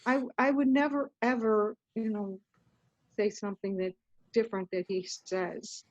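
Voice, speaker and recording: A woman's voice: mid-range voice, moderate pace, darkish tone, no room sound. Earnest rambling woman, muffled lo-fi audio. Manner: earnest, rambling, breaks off and restarts. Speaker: guest author. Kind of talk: casual interview talk.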